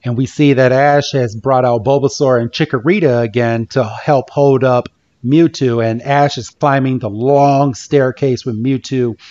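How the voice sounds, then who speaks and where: A man's voice: mid-range voice, fairly even intonation, a little slow, darkish tone, highs cut off. A man co-hosting a podcast, recapping a cartoon episode in a loose, chatty way, now and then swearing as he gets riled up. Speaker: podcast co-host.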